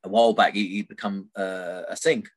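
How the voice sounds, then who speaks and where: A low-pitched, steady, brisk voice belongs to a middle-aged man telling a personal story on a podcast as a guest. Rambling and heavy on fillers, he frequently tacks "right?" onto his sentences.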